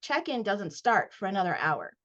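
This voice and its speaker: A woman's voice: medium pitch, big pitch swings, normal speed, a bit bright. A woman reading the lines of a scornful, bossy teenage older brother, over a dull, lo-fi video call.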